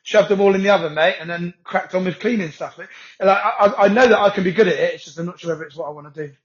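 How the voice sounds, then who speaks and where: Fast-talking man, high and swearing. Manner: swears freely, quick rambling talk. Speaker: podcast co-host. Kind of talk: casual chat. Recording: dull lo-fi audio.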